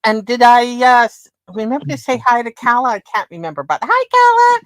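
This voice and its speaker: Woman, stream co-host, teasing, bright lively pitch, dry sound. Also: normal speed, no echo, rough recording. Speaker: livestream co-host. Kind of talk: casual chat.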